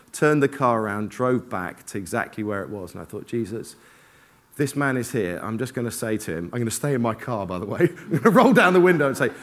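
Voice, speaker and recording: A man giving an informal church sermon, telling personal stories in a lively, self-deprecating way and acting out his own thoughts. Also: fairly low pitch, fairly quick. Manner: animated, self-deprecating, acts out inner dialogue. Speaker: preacher. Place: church hall with congregation.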